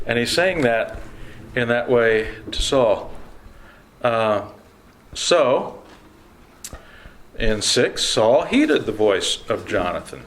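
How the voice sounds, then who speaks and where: A man leads an adult Bible class in an easy, conversational way. He keeps turning to the class with questions. His voice sits at a middle pitch, with a light hiss of noise behind it. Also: very animated, slow, long pauses. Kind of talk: leading an adult Bible study.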